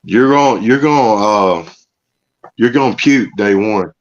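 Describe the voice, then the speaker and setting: A man's voice: medium pitch, unhurried, lo-fi sound. A man, co-hosting a casual chat with short, laid-back replies. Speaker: podcast co-host.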